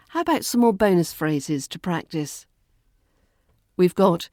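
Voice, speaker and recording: A woman with a British RP accent hosting a podcast lesson, speaking lightly and clearly and acting out example phrases. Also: mid-range voice, unhurried, a little mellow, dry recording, studio quality. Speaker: accent coach and podcast host.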